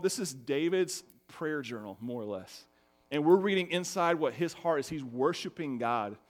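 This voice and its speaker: Conversational man preaching an online sermon. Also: a little high. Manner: conversational, storytelling, repeats words when starting. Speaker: pastor.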